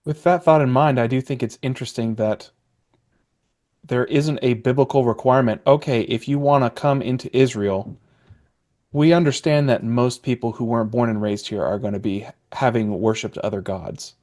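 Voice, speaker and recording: A man speaking on a panel discussion in a thoughtful, measured way. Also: medium pitch, darkish tone. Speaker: podcast panelist. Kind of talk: casual round-table discussion.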